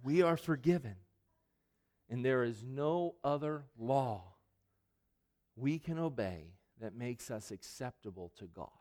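A man preaching a sermon as pastor, moving from conversational asides to the congregation into emphatic, loud passages when he quotes scripture. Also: medium pitch, expressive, takes it slowly.

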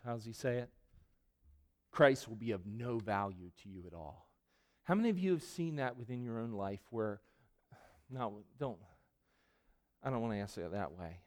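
A man preaching a sermon as pastor, moving from conversational asides to the congregation into emphatic, loud passages when he quotes scripture. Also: mid-range voice, lively intonation, moderate pace, pauses often.

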